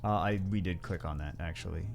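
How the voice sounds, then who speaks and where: A man's voice: low-pitched, fairly quick, vocal fry, faint music behind. A man hosting a gaming video, rambling through casual gameplay commentary with wry asides and frequent self-corrections.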